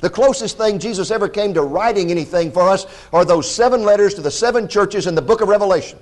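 A man preaching a sermon, telling scripture stories in an animated way and acting out the quotes, and directing listeners to passages. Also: high-pitched, fast talker. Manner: animated storytelling with dramatized quotes.

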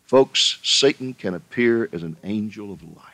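A man's voice: lowish voice, lively intonation, unhurried, a bit bright, no echo. A male pastor preaching a sermon, pressing the listeners with emphatic rhetorical questions and rising sharply when he addresses them directly.

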